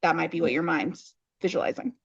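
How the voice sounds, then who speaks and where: A woman co-hosting a podcast in casual chat, recapping a story in detail with wry, deadpan asides. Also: sits low, brisk, breathy edge, no room sound. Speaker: podcast co-host. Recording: dull lo-fi podcast audio.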